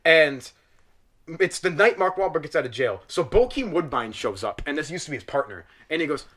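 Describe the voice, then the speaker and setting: A man's voice: fairly high pitch, fairly quick. A young man on a podcast, animatedly and profanely ranting through a comedic film review. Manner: animated, exaggerated, profane storytelling. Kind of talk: casual comedic rant.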